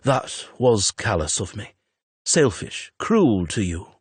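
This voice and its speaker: A man's voice: on the low side, very animated, slow pace, breathy edge, no echo, exaggerated voice. A man voicing a weary middle-aged father who is blunt and tactless, speaking in a raised, brash, emotional voice. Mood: rueful.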